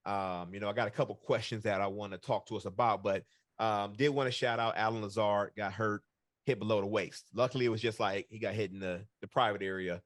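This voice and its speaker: A man co-hosting a podcast, telling a long personal story in a relaxed, rambling way, full of fillers and acted-out dialogue. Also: on the low side, a little fast, dry recording, clean studio sound. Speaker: podcast co-host. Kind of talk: casual storytelling chat.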